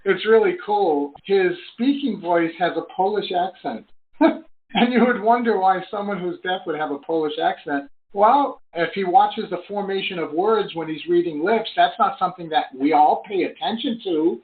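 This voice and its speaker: A middle-aged man, an online business coach, telling a story in earnest on a live conference call, his voice rising high when excited. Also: moderate pace. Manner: earnest storytelling, swings between low and high excited pitch. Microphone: phone call line. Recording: tinny phone line.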